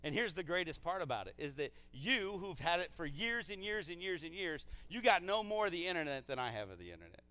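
A man pastor preaching a sermon in a church, casual and energetic, with frequent restarts. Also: on the high side, brisk, hardly any pauses. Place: church sanctuary.

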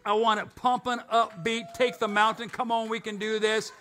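Bright, high-voiced older male pastor. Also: little pitch movement, normal speed. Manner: conversational, self-questioning preaching. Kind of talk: sermon.

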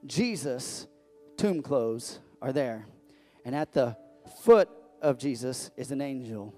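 A man's voice: medium pitch, lively intonation, slow, dark tone, faint music behind. A man preaching a sermon as pastor, talking conversationally and breaking into sudden emphatic rises.

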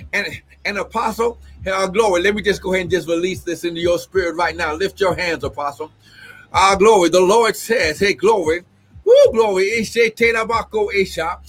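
Fervent high-voiced man prophesying. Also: slightly rough. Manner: fervent, breaks into shouts and tongues; constant exclamations of "glory". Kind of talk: live-streamed prophetic ministry.

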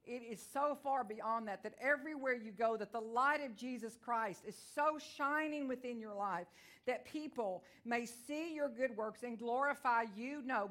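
A woman's voice: fairly high pitch, a bit bright. A woman with a Texan accent preaching a sermon in a church, fervent and folksy, telling stories and calling out amen. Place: church service before a congregation.

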